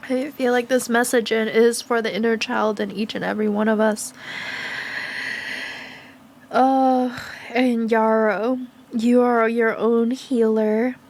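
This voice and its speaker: A woman giving a gentle, slow spiritual card reading, speaking in soft, affirming phrases with pauses and fillers. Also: on the high side, fairly even intonation. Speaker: tarot and oracle card reader.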